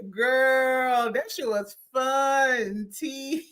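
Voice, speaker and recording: A woman's voice: on the high side, animated, measured pace, pushed and bright. A woman hosting a casual, slangy recap chat, acting out quotes and laughing often. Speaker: podcast host.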